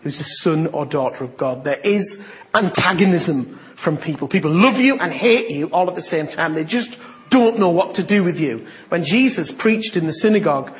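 A man preaching a sermon, telling a story and acting out the dialogue, with sudden bursts of excitement. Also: fairly high pitch, normal speed, hardly any pauses, dull audio.

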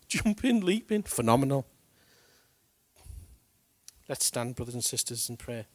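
A man preaching an animated sermon, speaking colloquially and acting out the voices of figures from the scriptures. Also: mid-range voice, takes it slowly, no room sound. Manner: colloquial, acts out Bible voices.

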